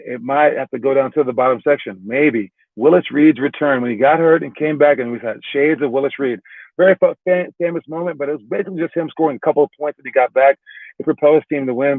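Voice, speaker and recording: A man's voice: medium pitch, dry recording. A man working as a basketball trainer, casually explaining drills with loose, talky delivery, frequent restarts and repeated "all right"s. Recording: tinny phone-like dry sound.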